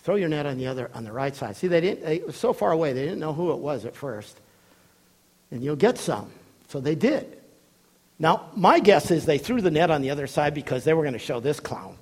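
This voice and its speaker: A man preaching a sermon, telling a story with animated voices and frequent laughs. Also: on the high side, a little fast, breathy edge.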